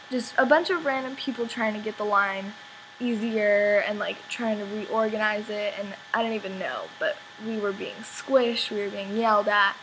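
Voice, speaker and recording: Teen girl vlogging, says like a lot, kinda rambly, normal pitch. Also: fairly bright tone, a little hiss or hum, low-quality recording. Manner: rambling, many "like" fillers. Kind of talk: casual storytelling vlog.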